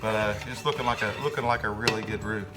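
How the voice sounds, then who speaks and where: A man narrating his home cooking in a relaxed, chatty way, with many fillers. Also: fairly low pitch, quick pace, over music. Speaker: home cook.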